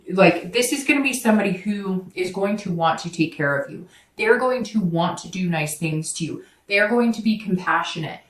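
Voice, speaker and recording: A woman's voice: medium pitch, recorded from a distance. A woman giving a casual tarot reading to her viewers, rambling and correcting herself as she talks straight to them. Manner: rambling, self-correcting, speaks directly to viewers. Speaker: tarot reader. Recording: echoey room, voice away from the mic.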